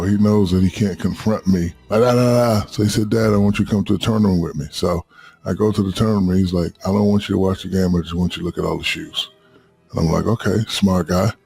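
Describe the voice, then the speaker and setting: A man in his fifties telling stories as a podcast guest, profane and animated, acting out quotes. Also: fairly quick, faint music behind. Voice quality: deep gravelly husky voice. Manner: profane, animated storyteller who acts out quotes. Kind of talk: casual storytelling chat.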